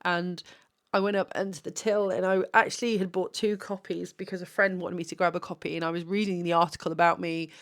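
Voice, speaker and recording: A woman's voice: on the low side, level tone, a little fast. A tired woman and photographer, talking candidly late at night, rambling with many restarts and laughs.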